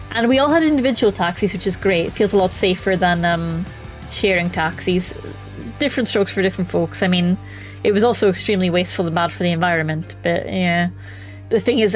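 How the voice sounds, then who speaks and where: A woman's voice: fairly low pitch, rough recording. A young woman chatting casually to her stream viewers, talkative and self-mocking.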